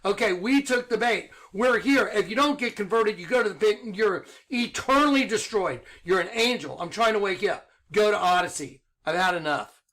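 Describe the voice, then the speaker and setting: A middle-aged man giving an excited religious monologue online, insistent and rhetorical, repeating his points. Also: sits high, moderate pace, few pauses. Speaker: online preacher.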